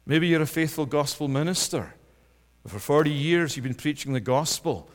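A man preaching a sermon, swinging between loud pleading cries and low, soft passages. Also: normal speed. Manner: rises to impassioned, loud pleading then drops low and soft. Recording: long hall reverb.

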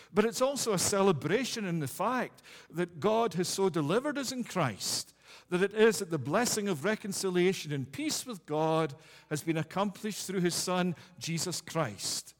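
A male pastor with a notably high voice delivers an earnest communion sermon, returning again and again to key phrases for emphasis. His voice carries a long reverb from the church hall.

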